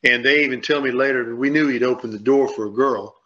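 A man's voice: mid-range voice, steady tone, quick pace, bright, forceful tone. A man on a sports radio show, rambling and repeating himself as he tells a story and acts out what people said. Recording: dull lo-fi sound.

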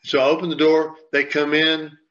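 Bright-voiced man telling rambling stories. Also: on the high side, monotone, moderate pace. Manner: rambling, repeats himself, acts out quotes. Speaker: sports radio commentator. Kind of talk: casual radio storytelling. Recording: dull lo-fi sound.

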